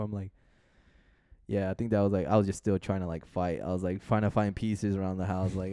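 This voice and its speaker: Male podcast co-host, low and smooth, dry close sound, casual animated storyteller. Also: quick pace, no room sound. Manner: animated storytelling, acts out quoted voices; swears casually. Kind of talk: casual chat.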